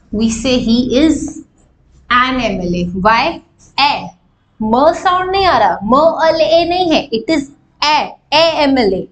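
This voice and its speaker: A young woman with an Indian English accent teaching grammar in a live online class, explaining slowly and asking the class rhetorical questions. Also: high-pitched, big pitch swings, a little hiss or hum.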